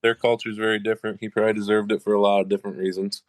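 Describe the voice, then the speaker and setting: A man's voice: lowish voice, flat delivery, very fast, dry recording. A man, a military veteran, talking on a podcast in a rambling way, full of fillers. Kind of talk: casual podcast conversation.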